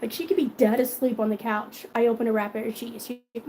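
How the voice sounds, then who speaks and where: A woman's voice: fairly high pitch, little pitch movement, fast, hardly any pauses, mellow, slight background noise. A middle-aged woman hosting a cooking live stream, chatting casually, laughing often and answering viewer comments. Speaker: cooking channel host.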